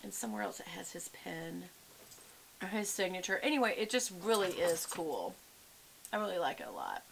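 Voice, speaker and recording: A woman's voice: lowish voice, very animated, moderate pace, vocal fry, a little hiss or hum. A woman, chatting casually and rambling to her viewers at home, calling them y'all. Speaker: vlogger. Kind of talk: casual chat to camera.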